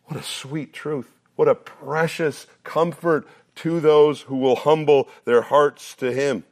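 A man in his thirties preaching a sermon, earnest and repeating phrases as he builds each point, sometimes dropping into a relaxed, story-telling tone. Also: takes it slowly. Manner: drops to a low conversational tone for a personal story. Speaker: pastor.

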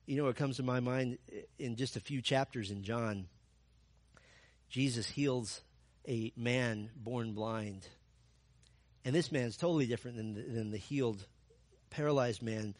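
A man's voice: mid-range voice, measured pace, long pauses, darkish tone, no room sound. A man preaching a sermon, telling the story with rhetorical questions and emphatic repetition. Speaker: pastor.

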